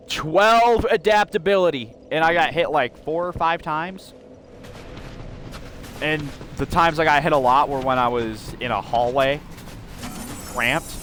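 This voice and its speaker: A man talks off the cuff while he plays, rambling and breaking off his own sentences. His pitch jumps around a lot. A clear hiss of background noise sits under his voice. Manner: rambling, restarts often, self-interrupting. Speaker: gaming video creator. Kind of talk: unscripted gameplay rant.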